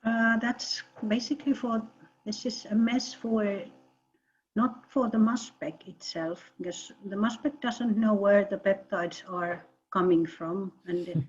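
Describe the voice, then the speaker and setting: A woman researcher answering questions in an online meeting, halting and often repeating words. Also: medium pitch, slight background noise. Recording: muffled video-call audio.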